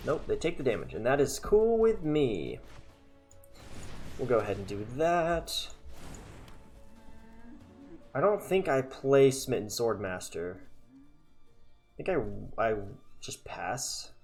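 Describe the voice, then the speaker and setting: Guy talking through his card game, chatty, kinda sarcastic, mid pitch, faint music under it. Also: very animated, slow pace, pauses often, darkish tone. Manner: chatty, sarcastic, thinks aloud. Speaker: gaming content creator. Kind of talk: casual card game commentary.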